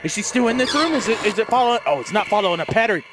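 A man's voice: high voice, expressive, racing, background noise. A man commentating a horror game, panicky and joking, yelping and screaming when scared. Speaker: let's play gamer.

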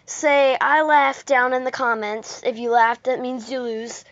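A woman hosting a casual vlog, talking excitedly and restarting her sentences as she rambles. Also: on the high side, measured pace, no room sound, dull audio. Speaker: video host.

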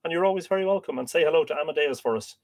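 A man's voice: fairly high pitch, very fast, darkish tone. An Irish man hosting a casual livestream, greeting viewers by name and making jokes as he reads out their comments. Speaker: livestream host.

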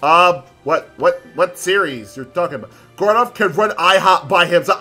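A male streamer reading a game's story aloud and breaking off into excitable commentary that is full of swearing. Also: sits high, moderate pace, few pauses, soft background music. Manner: excitable, swearing, laughing asides.

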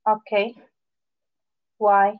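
A woman teaching a phonics lesson online, patient, full of praise, and repeating words slowly for her pupils. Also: mid-range voice, monotone. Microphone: video call. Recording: dull lo-fi online call audio.

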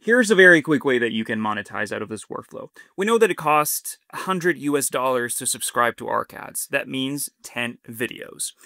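A man's voice: medium pitch, expressive, moderate pace, few pauses, pushed and bright. A man hosting a casual tutorial, explaining in a chatty, upbeat way. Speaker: tutorial host. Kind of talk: casual screen-recorded tutorial.

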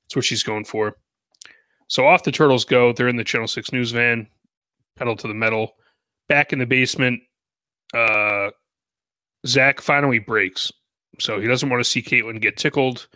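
A man's voice: mid-range voice, steady tone, bright, forceful tone, no room sound. A man co-hosting a podcast, recapping a cartoon episode in a casual, joking way. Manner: narrates plot with jokey asides and quick impressions.

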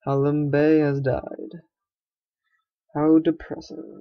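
A man's voice: mid-range voice, steady tone, unhurried, pauses often, dry recording, lo-fi sound. A young man giving casual, sarcastic commentary while playing a strategy game, often swearing and muttering to himself. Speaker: gaming let's player.

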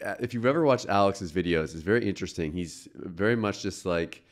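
A man with a very low voice talks casually through a video he is reacting to. He chats along with plenty of "uh" fillers, as a host speaking to his viewers. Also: brisk. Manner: chatty, with frequent "uh" fillers.

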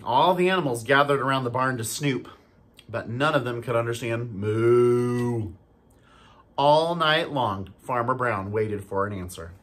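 A school staff member reading a storybook aloud to children, animated and stopping to ask them questions. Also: mid-range voice, unhurried. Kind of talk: storybook read-aloud for kids.

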